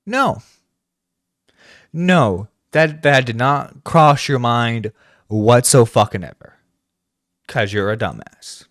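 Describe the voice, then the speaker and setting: A man's voice: medium pitch, expressive, slow pace, long pauses, a bit bright, dry recording, studio quality. A man hosting a reaction stream, bluntly cursing and stammering through restarts. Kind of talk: profane reaction commentary.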